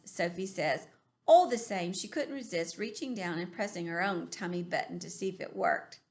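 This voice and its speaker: A woman reading a children's book aloud as an animated storyteller. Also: fairly low pitch, moderate pace, vocal fry. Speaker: reader.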